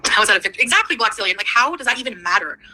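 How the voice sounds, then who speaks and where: A woman's voice: a little high, big pitch swings, rapid-fire, bright, forceful tone, rough recording. A Canadian woman ranting defensively on a livestream, indignant and dismissive. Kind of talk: livestream rant.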